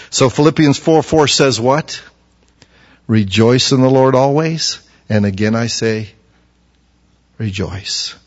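A man preaching a sermon, reading scripture aloud and building to fervent emphasis. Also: fairly low pitch. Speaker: pastor. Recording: dull lo-fi recording.

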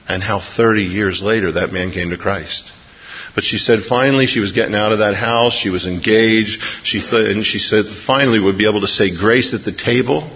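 Low husky guy preaching in a church, earnest storytelling, long hall echo. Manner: earnest, storytelling, measured slowdowns for emphasis. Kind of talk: sermon with a retold story. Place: church service before a congregation. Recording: long hall reverb, dull lo-fi sound.

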